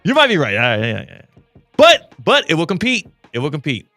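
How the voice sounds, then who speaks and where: A man's voice: a little high, wildly swooping pitch, fairly quick, pushed and bright, dry recording, soft background music. A man hosting a sports radio show, chatting and bantering casually with his co-hosts in a studio.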